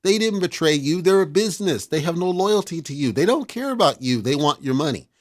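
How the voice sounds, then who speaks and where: A man's voice: fairly high pitch, lively intonation, a little fast. A man hosting a casual talk show, giving blunt, exasperated opinions in a lecturing rant.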